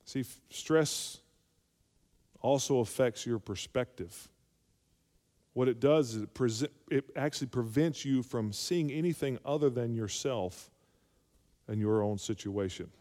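A man's voice: mid-range voice, unhurried, mellow. A male pastor preaching a sermon, calling for amens and rising to emphatic peaks. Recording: long hall reverb.

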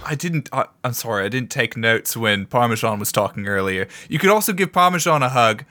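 A man's voice: medium pitch, fairly quick. A man playing in a tabletop game, joking, laughing and swearing freely. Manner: profane, laughing, animated. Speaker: player. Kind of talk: casual tabletop play.

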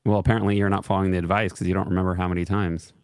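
A man's voice: low-pitched, level tone, rapid-fire, dry recording, studio quality. A man co-hosting a show, chatting about the news with wry, sarcastic quips. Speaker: show co-host. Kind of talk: casual news chat.

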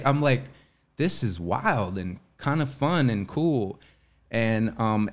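A young man from Florida, an actor, telling stories in casual chat and acting out the quoted lines. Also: medium pitch. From Orlando, Florida. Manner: animated storyteller acting out quotes. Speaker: actor and guest.

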